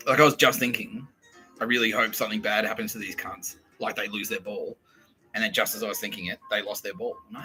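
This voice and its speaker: Faint music plays behind a lowish-voiced Australian podcast host speaking a little fast. He swears freely and acts out quoted voices while telling a comedy story, and the audio is poor.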